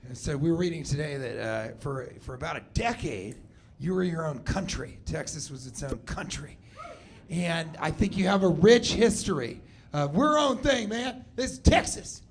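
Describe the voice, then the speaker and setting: A man's voice: a little high, lively intonation, normal speed. A man doing stand-up crowd work, teasing and laughing as he talks. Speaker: stand-up comedian.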